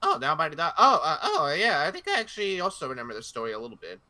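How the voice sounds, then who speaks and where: A man's voice: on the high side, wildly swooping pitch, racing, bright, forceful tone. A young man chatting casually on a game let's play, full of fillers and crude jokey asides.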